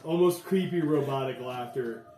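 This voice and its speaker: A man's voice: mid-range voice, moderate pace, reverberant, background noise. A man narrating as game master, describing the scene with frequent restarts.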